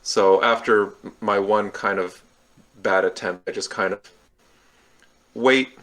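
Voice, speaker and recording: A man with a fairly low voice plays a tabletop role-playing game. He talks in an easygoing, self-deprecating way as he describes his character's actions. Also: steady tone, slow pace, fairly bright tone. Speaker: player. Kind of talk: casual in-character play.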